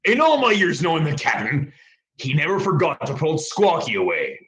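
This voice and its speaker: A man playing a gruff old pirate sailor in a student stage play, growling pirate talk. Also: on the high side, wildly swooping pitch, fairly quick, fairly bright tone.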